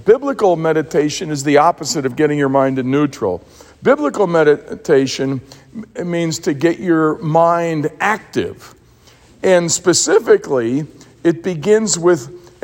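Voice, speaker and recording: A man's voice: fairly high pitch, big-room sound. A man preaching a sermon as a pastor, telling stories with emphatic repeated words.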